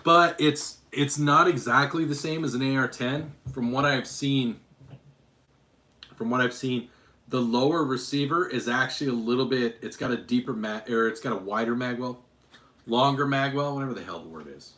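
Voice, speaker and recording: A man's voice: mid-range voice, normal speed, pushed and bright, echoey room. A man from Utah hosting a casual livestream Q&A, rambling, correcting himself mid-sentence and joking with chat. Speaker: streamer host.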